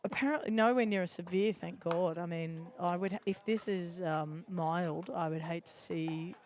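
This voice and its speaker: A woman chatting casually as a guest in a sports commentary booth, self-deprecating and quick to laugh. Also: lowish voice, darkish tone. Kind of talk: casual chat on a sports broadcast.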